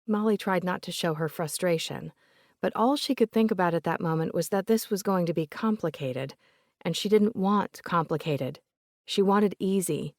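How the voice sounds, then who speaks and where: A woman's voice: fairly low pitch, normal speed, a little mellow, no room sound. Woman narrating an audiobook, dry and close.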